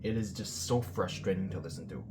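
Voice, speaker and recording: A man's voice: low voice, a little fast, background noise. A man hosting a reaction video, ranting bluntly and sarcastically with plenty of swearing. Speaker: commentary channel host.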